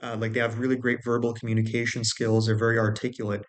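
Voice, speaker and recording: A man speaking straight to the viewer in a relaxed, explanatory way. His voice sits at an ordinary middle pitch. He often repeats words as he finds his phrasing and keeps checking that the listener follows. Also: quick pace. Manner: conversational, many restarts and "right?" checks. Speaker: video host. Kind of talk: casual explanatory talk.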